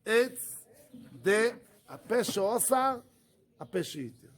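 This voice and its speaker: A man's voice: high voice, very slow. A man, a rabbi, giving a Talmud study class in non-native English, asking rhetorical questions and answering them himself. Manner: animated, acts out the arguments in first person.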